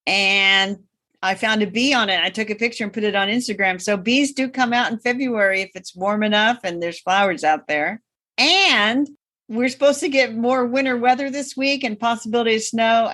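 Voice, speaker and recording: A woman's voice: medium pitch, a bit bright. Wry, chatty woman co-host. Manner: chatty, wry and matter-of-fact. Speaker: podcast co-host. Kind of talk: casual chat.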